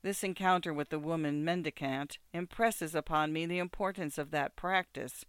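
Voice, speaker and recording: A narrator giving a measured, reflective first-person reading of a literary story. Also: mid-range voice, a bit bright, smooth, no room sound. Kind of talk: scripted audiobook narration.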